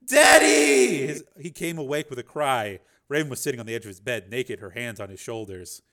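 A man narrating a dramatic audiobook and voicing its characters with shifting pitch. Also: brisk, a bit bright.

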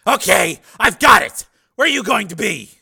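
A man reading a crime novel aloud, voicing a gruff, urgent police chief who barks his lines. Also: high-pitched, expressive, normal speed, sharp tone, pitched above the performer's own voice, exaggerated voice. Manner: barking, urgent. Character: frantic, gruff male police strike force chief.

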